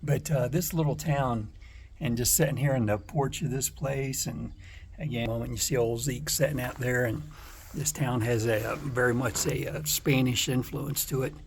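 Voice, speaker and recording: A man vlogging casually from outdoors on a store porch, talking in a relaxed, halting way with many pauses and fillers. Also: mid-range voice, noisy background. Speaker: travel vlogger on a bike trip. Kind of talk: casual vlog.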